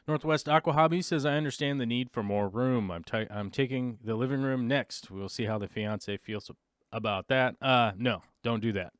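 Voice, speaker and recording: A man in the middle of his range chats loosely on his own livestream, wandering through asides and fillers. His voice is smooth and resonant, and it is recorded close and dry. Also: mid-range voice, no echo. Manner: rambling, with many fillers and brief mimicked voices. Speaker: livestream host. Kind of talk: casual livestream chat.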